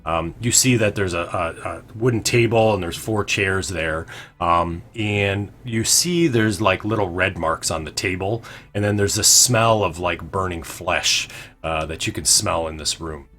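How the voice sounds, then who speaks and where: Halting man narrating as game master. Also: low-pitched, a bit bright. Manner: halting, full of ums and uhs, self-correcting.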